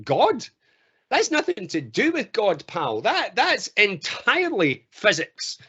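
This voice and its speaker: A man's voice: on the high side, animated, moderate pace, a bit bright. A man doing a blunt, dismissive science buff. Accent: Scottish. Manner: dismissive, explanatory. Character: blunt, matter-of-fact science-minded man. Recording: dull lo-fi call audio.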